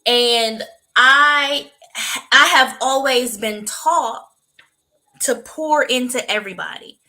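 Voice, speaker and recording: A woman co-hosting a podcast, telling personal stories in casual chat with an expressive, emphatic delivery. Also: sits high, slow pace, low-quality recording. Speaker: podcast co-host.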